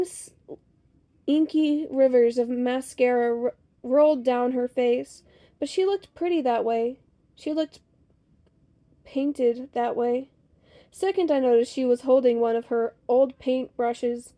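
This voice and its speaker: A woman reading a novel chapter aloud in a steady storytelling manner, with small slips now and then. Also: sits high. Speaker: reader.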